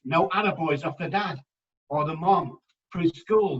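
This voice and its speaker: A man speaking as a guest on a podcast interview, telling emphatic, animated anecdotes about how words shape the mind. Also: on the high side, measured pace. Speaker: guest addiction specialist. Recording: slightly dull, distant mic.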